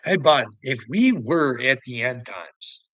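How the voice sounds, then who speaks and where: A man's voice: mid-range voice, lively intonation, slow pace, a bit bright, dry recording. A man ranting at the camera in a taunting, profane way, laughing often between lines. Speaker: vlogger. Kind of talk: mocking rant to the camera.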